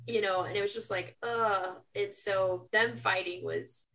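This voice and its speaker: A woman's voice: medium pitch, steady tone, normal speed, vocal fry, fairly bright tone. A young woman co-hosting a book podcast in casual chat, retelling scenes emphatically. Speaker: podcast co-host.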